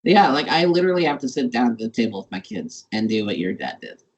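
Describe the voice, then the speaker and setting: A man from Montana hosting a podcast, talking casually and haltingly as he searches for words. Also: mid-range voice, big pitch swings, dull audio. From Montana, USA. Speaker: podcast host. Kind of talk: casual interview conversation.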